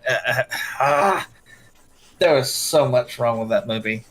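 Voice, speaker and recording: Halting man in casual chat. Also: mid-range voice, a bit bright. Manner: halting, many restarts.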